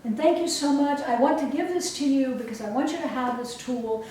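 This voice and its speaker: Woman coach, slightly high voice, emphatic motivational talk, faint hiss behind. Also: dark tone. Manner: slow, emphatic, soothing instructions. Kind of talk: motivational talk with guided exercise. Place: event hall. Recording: roomy echo from far off, faint noise.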